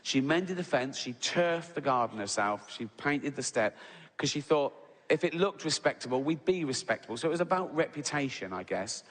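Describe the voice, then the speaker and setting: A man's voice: mid-range voice, lively intonation, normal speed, a bit bright. A man, performing a stand-up comedy set, telling a story and often tagging lines with "right?". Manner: storytelling with frequent "right?" tags and laughs. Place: large theatre on stage. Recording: live hall reverb with audience noise.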